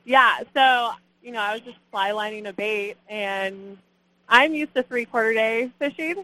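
A woman's voice: fairly high pitch, unhurried, sharp tone, poor audio. A young woman, a guest angler, telling her catch story in a casual, laughing way, full of "like" and "you know". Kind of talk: casual storytelling on a radio show.

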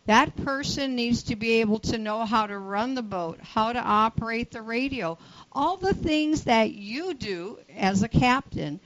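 A woman's voice: on the high side, lively intonation, a little slow, a bit bright, a little hiss or hum. Matter-of-fact woman instructor, dull lo-fi sound. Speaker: boating safety instructor, guest. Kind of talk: radio interview.

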